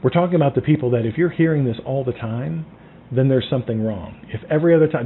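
A man teaches agents how to talk on the phone, acting out calls as he goes. His voice comes through a narrow, phone-like channel. There is a faint hiss behind him. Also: quick pace. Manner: animated, acts out phone calls, drops to a low voice. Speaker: sales trainer. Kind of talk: sales coaching talk. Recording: tinny phone-like sound.

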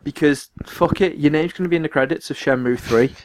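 A young man co-hosting a casual podcast, telling animated stories about his week and swearing freely. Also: brisk. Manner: animated storyteller, mimics others with high-pitched voices, swears. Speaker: podcast co-host. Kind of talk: casual chat.

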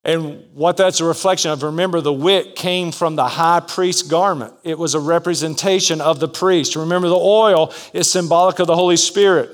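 A man's voice: a little high, steady tone, moderate pace, few pauses. A man preaching a sermon as pastor, dynamic, acting out the voices in his story and calling out for amens.

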